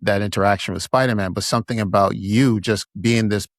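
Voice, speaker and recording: A man's voice: fairly low pitch, steady tone, a little fast, no echo. A podcast host from Brooklyn asking long questions that wander before landing. He sounds keen and upbeat. The recording is close and dry. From Brooklyn, New York. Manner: enthusiastic, rambling questions. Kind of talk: casual interview chat.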